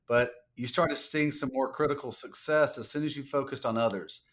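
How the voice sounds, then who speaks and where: A man's voice: mid-range voice, moderate pace. A man hosting a podcast interview, reflecting at length before asking his questions. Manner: reflective, long rambling questions. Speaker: podcast host.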